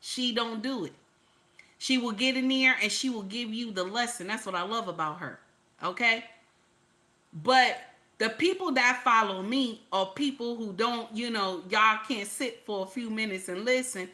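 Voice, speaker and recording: A woman with a bright, ringing voice talks back at the clips she plays. She curses freely and hammers each point by saying it twice or three times, in the loose flow of casual commentary. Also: on the high side, normal speed. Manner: blunt, cursing, repeats herself for emphasis. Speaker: reaction channel host. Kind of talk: profane commentary over clips.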